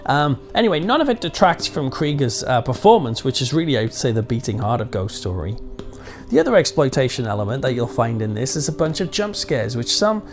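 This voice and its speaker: A man's voice: mid-range voice, very animated, a little fast, soft background music. A middle-aged man giving a casual, digressive film review, with ums and restarts.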